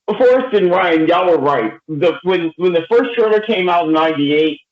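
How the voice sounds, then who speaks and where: A middle-aged man moderating a casual podcast roundtable, ranting in an animated, profane way. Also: sits high, moderate pace, reverberant, muffled recording.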